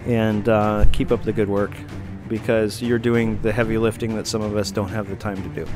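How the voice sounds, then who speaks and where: A man's voice: lowish voice, flat delivery, moderate pace, over music. Dry joking male talk-show host. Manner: dry, joking, reads out rules mockingly. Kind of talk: casual talk show banter.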